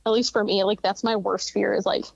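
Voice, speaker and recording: A woman's voice: mid-range voice, flat delivery, brisk, gravelly, muffled recording. A woman as a podcast guest, talking frankly and openly with many fillers. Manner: frank and chatty, many "like" and "you know" fillers. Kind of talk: candid podcast interview.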